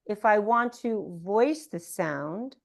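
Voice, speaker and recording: A woman on a video call talks at a very slow, unhurried pace as she teaches Sanskrit sounds. She says each consonant carefully and draws out her words. Her voice sits at a middle pitch. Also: animated, vocal fry. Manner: demonstrates sounds slowly, drawn-out and deliberate. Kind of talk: explaining pronunciation on a video call.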